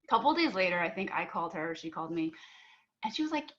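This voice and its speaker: Her pitch sits fairly low, yet she is very animated and talks quickly, with a slightly bright tone over dull audio. A young adult woman on a panel, she earnestly recounts a personal story, voicing both sides of an argument with filler words and false starts.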